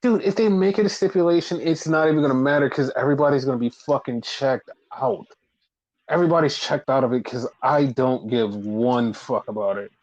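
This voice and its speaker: A man co-hosting a podcast, casually recapping wrestling in animated, profane storytelling that acts out the quotes. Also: medium pitch, fairly quick. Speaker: podcast co-host. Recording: dull lo-fi podcast audio.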